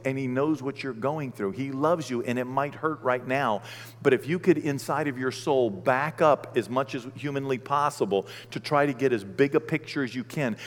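A man preaching a sermon, animated, swinging between loud outbursts and hushed, gentle talk. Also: medium pitch, big-room sound.

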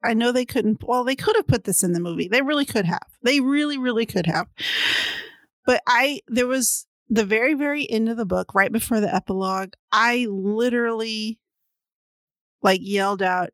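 A woman's voice: on the high side, moderate pace, no echo, clean studio sound. A woman in casual chat about a book, retelling scenes animatedly and acting out the characters' lines.

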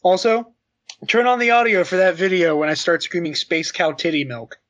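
A young man chatting casually on a podcast, telling a funny story with excitement and frequent laughter. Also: high voice, moderate pace. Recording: slightly dull lo-fi sound.

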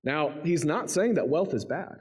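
A man's voice: fairly high pitch, lively intonation, normal speed, a little mellow, husky. A man preaching a sermon, reading scripture and then explaining it in a conversational, emphatic way. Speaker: pastor.

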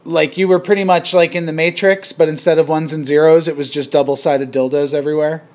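A man's voice: fairly high pitch, little pitch movement, fairly quick, darkish tone. Rambling, laughing podcast host man. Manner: rambling, laughs often, many restarts. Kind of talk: casual podcast chat.

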